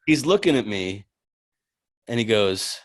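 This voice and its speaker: A man in his forties, a podcast guest, telling an animated, profane anecdote with many restarts and bursts of laughter. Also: on the low side, unhurried. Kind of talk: casual storytelling.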